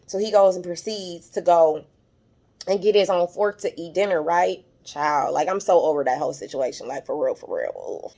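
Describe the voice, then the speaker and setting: A young adult woman on YouTube casually recaps a TV episode, chatty and full of fillers as she retells scenes and quotes characters. Her voice is lowish, creaky and mellow at a normal speed, and it rises when she gets emotional.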